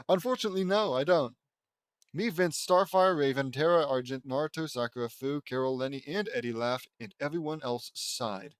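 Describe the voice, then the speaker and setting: A man's voice: fairly high pitch, animated, dry recording. Sarcastic man reading fan fiction aloud. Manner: exasperated, sarcastic asides and quick mock voices. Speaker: reader mocking a fan fiction. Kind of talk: sarcastic comedic dramatic reading.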